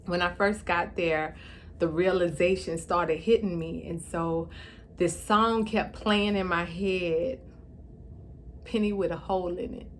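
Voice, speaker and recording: A woman's voice: fairly low pitch, a little hiss or hum. A woman telling her own story in a heartfelt, tearful way, her speech slightly affected by a stroke. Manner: tearful, heartfelt, pauses to steady herself. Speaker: vlogger. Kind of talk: emotional personal storytelling.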